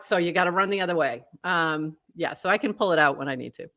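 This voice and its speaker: A middle-aged woman from the Boston area, her Boston accent mostly softened, co-hosting a podcast in casual, laughing chat. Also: lowish voice, fast. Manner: chatty, laughs often, animated. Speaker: podcast co-host.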